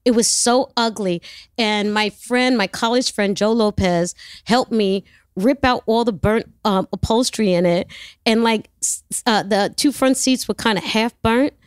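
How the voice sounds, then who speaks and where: Lively New woman telling stories. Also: a little high, measured pace, dry recording, clean studio sound. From New York. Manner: animated, lively storyteller who acts out dialogue. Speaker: actress guest. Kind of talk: interview storytelling.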